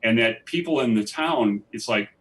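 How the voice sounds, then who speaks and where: On a theatre stage at a festival, a male documentary filmmaker tells stories in a live interview, speaking at normal speed in an expressive, mid-range, fairly bright voice. He rambles eagerly with frequent restarts, recorded from a distant mic.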